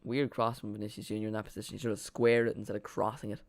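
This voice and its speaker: A man's voice: fairly low pitch, flat delivery, very fast, vocal fry, dry recording. Rambling Irish man on a watchalong stream. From Ireland. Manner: chatty, rambling, with frequent restarts. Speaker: streamer hosting a football watchalong. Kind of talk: casual live commentary.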